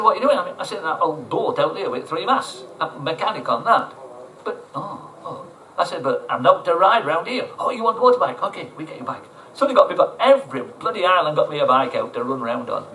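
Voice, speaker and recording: Older man, lively swooping pitch, salty rambling raconteur, recorded far off in a roomy space with faint noise. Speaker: interview guest, motorcycle traveller. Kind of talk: casual storytelling. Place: outdoor event.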